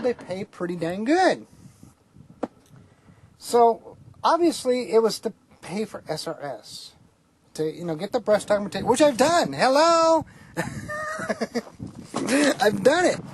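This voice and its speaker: A woman talking candidly to the camera outdoors at an oil well site, chatty and rambling, quick to laugh. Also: mid-range voice, darkish tone. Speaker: vlogger. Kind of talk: candid personal vlog. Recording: noisy outdoor recording.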